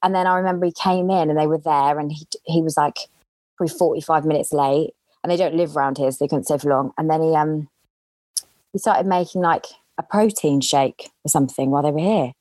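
A woman as a podcast guest, candidly telling a personal story in an animated way, acting out the lines she quotes. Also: deep voice, a little fast, dry recording.

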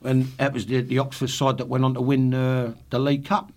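A man's voice: medium pitch, completely flat delivery, brisk. A man in his sixties, a podcast guest, telling swearing football anecdotes with laughs. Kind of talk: casual storytelling.

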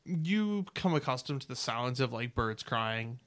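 A man narrating a tabletop game as game master, describing scenes in a relaxed way with fillers and pauses. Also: medium pitch.

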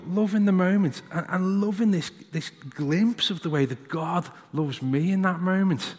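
Man, sermon, fairly high voice, church hall reverb, storytelling. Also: unhurried, few pauses, darkish tone. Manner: storytelling, acts out his young son's voice. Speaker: preacher.

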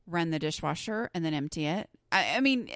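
A woman's voice: deep voice, expressive, brisk, a bit bright, no echo, studio quality. A middle-aged woman with a Southern US accent, hosting a casual solo podcast in a chatty, self-deprecating, easily sidetracked way. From Southern United States. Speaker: podcast host.

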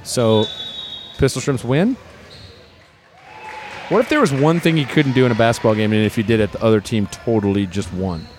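A man co-hosting and calling a basketball game courtside in a warm gym, teasing and mock-serious, speaking into a portable recorder. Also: medium pitch, expressive, normal speed, long pauses, faint music behind. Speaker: co-host and courtside announcer. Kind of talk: joking play-by-play commentary.

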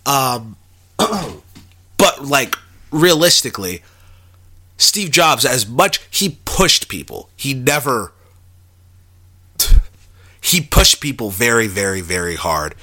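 Podcast guy chatting slow, stops and restarts hunting for words, lively up and down pitch. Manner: hesitant, searching for words, laughs often. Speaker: podcast co-host. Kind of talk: casual chat.

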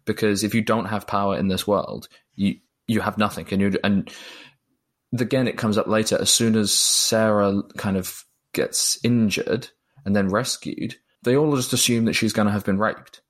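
A man's voice: fairly low pitch, steady tone, normal speed. A man talking through a film in a casual chat, thoughtful and a little hesitant, often repeating words. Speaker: film reviewer.

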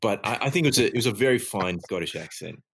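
A man from Australia, an actor co-hosting a casual chat, telling animated stories and laughing often. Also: lowish voice, fast, breathy edge. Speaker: actor, podcast co-host.

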